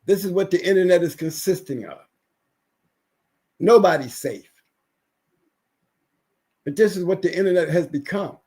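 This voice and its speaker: High-voiced man ranting on a livestream. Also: lively intonation, normal speed, pauses often, dark tone, breathy edge. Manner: ranting, repetitive, emphatic. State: recovering from illness. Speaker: livestream guest. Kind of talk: casual livestream rant.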